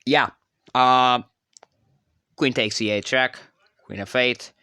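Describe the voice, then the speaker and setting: Male commentator with a bright, crisp voice. Rambling and self-correcting. Dry, close mic. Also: medium pitch, steady tone, slow pace, dry recording. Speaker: chess channel creator. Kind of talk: casual game commentary.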